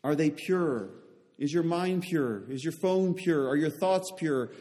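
Preaching man with a mellow, fairly high voice. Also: lively intonation, a little slow, in a large hall. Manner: repeated rhetorical questions to the congregation. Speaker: pastor. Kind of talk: sermon.

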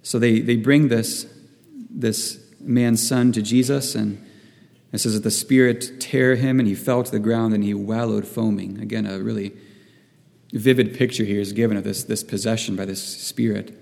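A man's voice: lowish voice, fairly even intonation, moderate pace, creaky, a little mellow. A man preaching a sermon to his church. He halts often and repeats words while he searches for the right phrasing. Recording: long reverb in a hall.

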